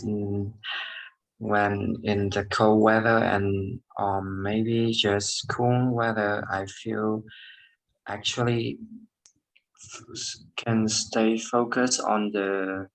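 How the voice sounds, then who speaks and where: Halting Vietnamese-accented man, gravelly, flat. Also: lowish voice, poor audio. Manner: halting, hesitant, broken phrases. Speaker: English student. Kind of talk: practice speaking answer.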